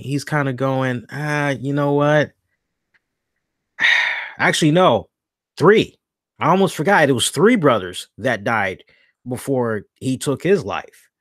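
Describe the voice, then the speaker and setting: A man hosting a solo podcast, rambling along in casual talk and stopping now and then to correct himself. His voice sits at an ordinary middle pitch. The recording is dry and close, with no room sound. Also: dry recording. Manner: rambling, self-correcting, thinks aloud. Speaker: podcast host.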